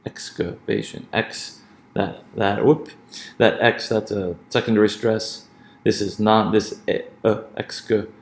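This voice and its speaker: A man lecturing on pronunciation with a low, gravelly voice. He talks his way through each point, restarting phrases and checking in with "right?". The sound has a roomy echo. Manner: thinking aloud, many restarts and checking "right?". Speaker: teacher. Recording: echoey room.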